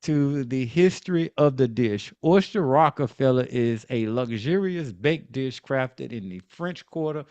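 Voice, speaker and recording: A man's voice: medium pitch, animated, unhurried, few pauses, darkish tone, clean tone, dry recording, dull audio. A man hosting a casual podcast, reading out the day's observances and joking about them. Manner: joking, reads day listings aloud. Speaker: podcast host.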